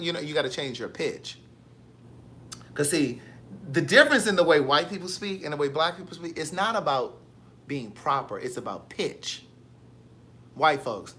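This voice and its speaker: A man hosting a casual live stream, reading viewer comments with sassy, animated storytelling. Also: a little high, moderate pace, a little hiss or hum.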